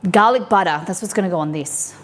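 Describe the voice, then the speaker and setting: A woman's voice: on the low side, quick pace, a little hiss or hum. A young adult woman chatting casually while cooking on a live stream from her home kitchen, playful and rambling with giggly asides.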